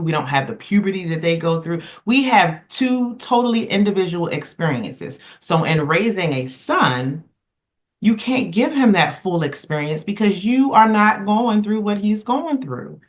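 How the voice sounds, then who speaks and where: A woman speaking on a casual podcast roundtable, emphatic and animated, circling back and restarting as she tells stories. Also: on the low side, moderate pace. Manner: emphatic, animated storyteller who rambles and restarts. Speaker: roundtable panelist.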